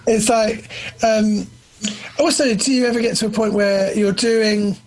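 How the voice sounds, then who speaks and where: A man's voice: high voice, steady tone, a little slow, poor audio. A man interviewing a guest in a casual chat, asking long rambling questions. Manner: rambling, many fillers and restarts.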